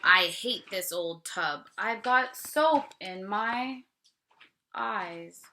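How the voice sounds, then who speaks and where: A grumbling, fed-up storybook cow who drags her words out slowly, as a woman puts her on. Her voice is bright and clear. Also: medium pitch, a little hiss or hum, full character voice. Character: fed-up farm cow who hates baths.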